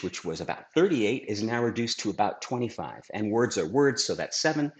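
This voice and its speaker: A middle-aged man teaching a scripted video lesson on influence as a trainer, emphatic and asking rhetorical questions. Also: fairly low pitch. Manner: lively, emphatic presenter who asks rhetorical questions. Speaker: sales trainer.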